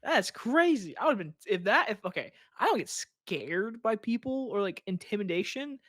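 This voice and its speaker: A young man co-hosting a podcast in casual chat, laughing often and tossing in quick mock voices. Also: sits high, sing-song, fairly bright tone, no echo, studio quality. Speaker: podcast co-host.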